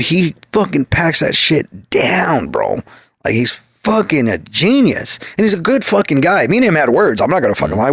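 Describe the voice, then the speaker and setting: In a gravelly, slightly rough mid-range voice, a man shares profane stories as a podcast guest in a loose chat. He swears all the time and plays out quoted exchanges, recorded dry at studio quality.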